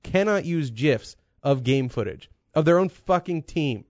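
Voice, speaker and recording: A man's voice: a little high, a little slow, no room sound, highs cut off. A man co-hosting a casual podcast chat, rambling and profane, telling stories with lots of energy. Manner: rambling, profane, animated storytelling. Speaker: podcast co-host.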